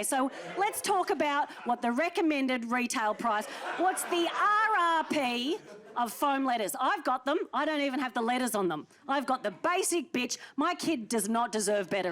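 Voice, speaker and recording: A woman's voice: high-pitched, a bit bright. A woman, doing live stand-up and teasing an audience member in a theatre. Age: early 40s. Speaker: stand-up comedian. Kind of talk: live stand-up with crowd work. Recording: noisy live theatre recording.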